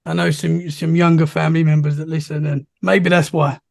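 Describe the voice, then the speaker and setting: An English man hosting a podcast in a casual chat, upbeat and quick to laugh. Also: a little high, little pitch movement, creaky, a little mellow, no room sound, clean studio sound. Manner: upbeat, laughs easily, enthusiastic praise. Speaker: podcast host.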